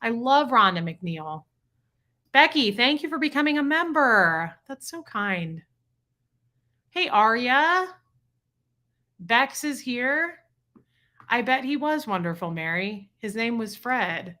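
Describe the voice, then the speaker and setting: Female streamer, crisp bright voice, gushing casual chat with her viewers. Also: a little high, big pitch swings, slow pace, long pauses. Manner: chatty, greets viewers by name, gushing. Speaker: livestream host reading chat.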